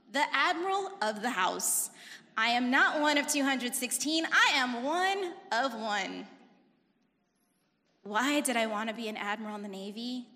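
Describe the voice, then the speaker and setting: A woman in her forties giving a personal testimony in church, talking fast and telling her story with animated, emphatic intensity. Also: fairly high pitch. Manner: emphatic, rising to forceful intensity. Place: church sanctuary. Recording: long reverb of a large hall.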